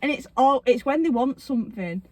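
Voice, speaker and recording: Young woman in her twenties, high lively voice, swears freely, acts out quotes; casual podcast chat in a car. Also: fairly quick, dry recording. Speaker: podcast co-host. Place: parked car.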